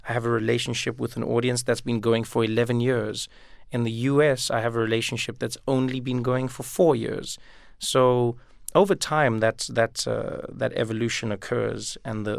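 Gravelly man, reflective. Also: mid-range voice, no echo, studio quality. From South Africa. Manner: thoughtful, repeats words as he thinks. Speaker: comedian guest. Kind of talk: reflective interview talk.

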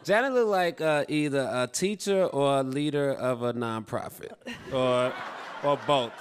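A man acting as guest clue-giver on a live quiz show, laid-back and quick to laugh. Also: medium pitch, a little hiss or hum. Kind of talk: joking live game show banter.

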